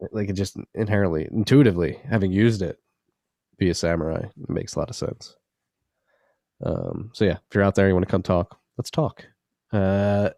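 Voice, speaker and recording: Male podcast co-host with a low, gravelly voice; dry close sound; rambling, swears freely. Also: darkish tone, no room sound. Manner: loose, rambling and profane. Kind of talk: casual podcast chat.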